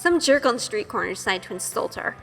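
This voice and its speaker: A woman's voice: fairly high pitch, very animated, quick pace, a bit bright, long reverb tail, faint music behind. A nervous, curious young woman narrating. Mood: self-conscious. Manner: earnest, self-questioning inner monologue. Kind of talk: first-person audio drama narration.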